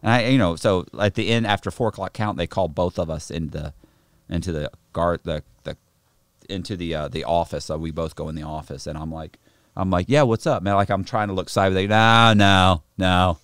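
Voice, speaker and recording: Low and fast, a middle-aged man tells his story as a podcast guest, cursing casually, animated throughout, and performing the others' parts. The recording is dry.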